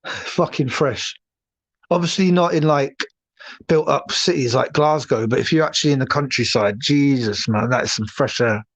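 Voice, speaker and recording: A man's voice: mid-range voice, normal speed. A man, hosting a casual livestream, rambling and swearing as he chats with viewers. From England. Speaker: livestream host. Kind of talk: casual live chat.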